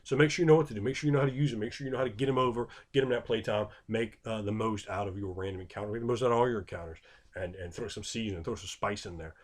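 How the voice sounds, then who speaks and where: A man talking casually as a game master giving advice, animated and loose, with sound-effect words. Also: on the low side. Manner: animated and conversational, acts out quick voices for players. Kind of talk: casual unscripted advice monologue.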